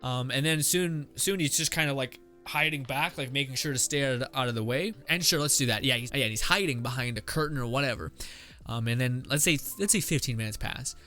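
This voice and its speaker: A man's voice: mid-range voice, fairly quick, sharp tone. A man hosting a podcast, working out a story on the spot, rambling and thinking aloud with lots of fillers and swearing. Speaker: podcast host. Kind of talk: improvised story brainstorming. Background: faint background music.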